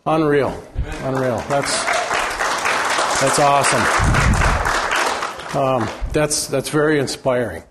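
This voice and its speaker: Older man preaching, folksy and unhurried. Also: mid-range voice, over a noisy crowd, heavy background noise. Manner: folksy, rambling with fillers. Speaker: guest preacher. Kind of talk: sermon. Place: church sanctuary.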